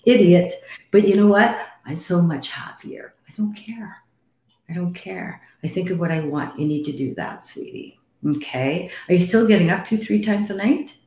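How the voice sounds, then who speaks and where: A woman's voice: fairly low pitch, normal speed, gravelly, few pauses, a little mellow. A middle-aged woman hosting a live call-in psychic reading show, talking bluntly and frankly, swearing freely and calling callers sweetie. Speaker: psychic medium host. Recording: roomy echo.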